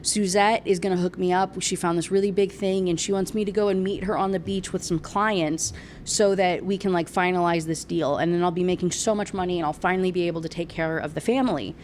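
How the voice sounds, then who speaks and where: A woman voicing an eager husband who excitedly rambles about a job offer in her own everyday voice. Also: fairly low pitch, a little fast, slight background noise, lightly acted.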